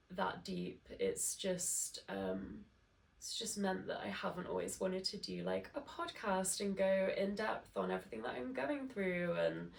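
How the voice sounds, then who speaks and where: A woman in her thirties talks slowly and loosely, her voice nasal from a blocked nose and catching in a gravelly creak. She rambles through casual podcast chat, full of ums and likes, and sits a little back from the microphone. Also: mid-range voice, far from the mic. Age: 30s. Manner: chatty, rambling, lots of fillers. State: nasal from hay fever. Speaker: podcast host.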